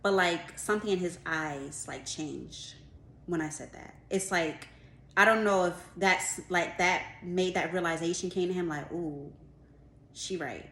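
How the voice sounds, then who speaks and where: A woman in her twenties telling a work story in a casual storytime vlog, animated and full of "like", acting out what others said. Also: fairly low pitch, unhurried. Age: 20s. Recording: roomy room with faint background noise.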